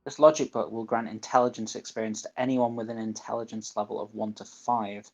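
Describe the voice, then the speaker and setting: A gaming streamer from northern England, with a Northern English accent, gives live gameplay commentary while muttering to himself and reading menu options aloud. His voice is on the low side, steady and a little mellow, he talks a little fast, and the sound is lo-fi.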